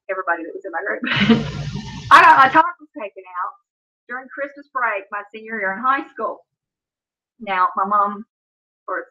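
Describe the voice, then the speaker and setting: High-voiced laughing woman. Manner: laughs often while telling stories. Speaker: livestream host. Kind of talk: casual storytelling chat. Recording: slightly dull lo-fi audio.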